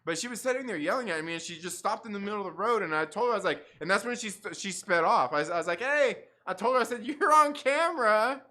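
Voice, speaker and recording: High bright-voiced man rambling on a stream. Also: racing, hardly any pauses. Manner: rambling, profane, many likes and restarts; laughs often while talking. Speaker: livestream host. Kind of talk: casual livestream chat.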